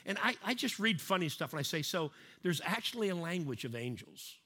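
A man's voice: high-pitched, very animated, brisk, pushed and bright, husky. A middle-aged man preaching a sermon in a conversational way, acting out little scenes and repeating key lines for emphasis. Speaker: pastor.

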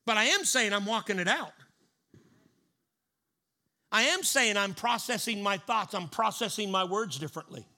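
A male pastor preaching a sermon emphatically, slowing down to stress key words and having the congregation repeat lines after him. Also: high voice, lively intonation, bright, forceful tone.

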